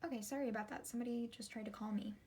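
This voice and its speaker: A woman's voice: a little high, steady tone, racing, a little mellow. A woman in her thirties vlogging casually from her desk at home, chatty and meandering, often breaking off mid-thought. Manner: chatty, meandering, self-interrupting. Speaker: ink collection vlogger. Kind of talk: casual rambling vlog while swatching.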